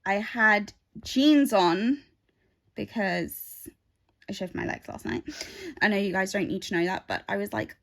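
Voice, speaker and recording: A woman's voice: medium pitch, unhurried. Chatty woman rambling while she stitches. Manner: rambling, chatty, with many asides. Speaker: craft vlogger. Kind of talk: casual chat while stitching. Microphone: phone.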